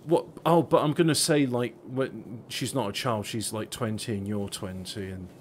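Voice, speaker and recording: A man's voice: on the low side, moderate pace. Man streamer, fumbling explanations, faint hiss behind. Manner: hesitant, stumbling, many restarts. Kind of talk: casual chat addressing stream viewers.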